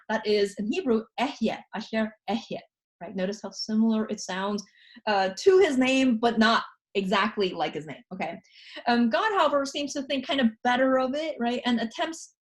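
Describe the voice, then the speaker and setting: A woman lecturing a university class in a casual way, often checking in with "okay?" and reading scripture passages aloud quickly. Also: on the high side. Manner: conversational, frequent "okay?" and "you know" fillers. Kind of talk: recorded college lecture.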